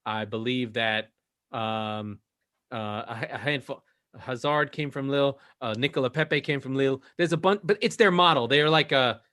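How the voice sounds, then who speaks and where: A man co-hosting a casual football podcast, animated and profane, his pitch jumping up when he makes a point. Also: normal speed. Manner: animated, profane, rising to high emphatic pitch. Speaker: podcast co-host. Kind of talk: casual sports chat.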